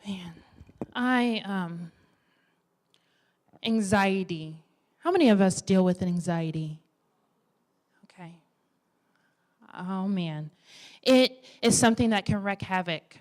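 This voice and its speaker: A woman in her twenties preaching a sermon in a church, lively and exhorting, with playful asides. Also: mid-range voice, takes it slowly, pauses often. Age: 20s. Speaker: women's ministry speaker.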